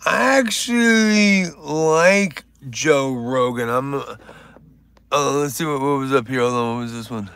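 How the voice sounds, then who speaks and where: A man's voice: medium pitch, measured pace, fairly bright tone, smooth, no echo. A man doing casual stand-up on a live stream, rambling, swearing and joking with his viewers.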